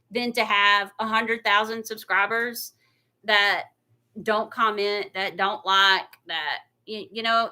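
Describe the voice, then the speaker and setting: A woman's voice: on the high side, pushed and bright. A woman hosting a casual craft livestream, chatty and gushing, laughing often and close to tears. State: near tears. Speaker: craft channel host.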